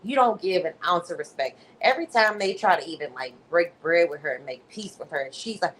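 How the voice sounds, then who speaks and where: A woman host telling a story on a casual livestream, animated and freely profane. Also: on the low side, brisk, hardly any pauses, a little hiss or hum, low-quality recording.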